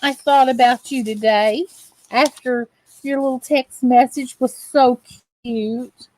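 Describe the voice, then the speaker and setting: A woman's voice: on the high side, steady tone, slow, darkish tone, rough recording. A woman hosting a crafting channel, chatting to viewers as she crochets and greeting them by name. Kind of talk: live crochet chat with viewers.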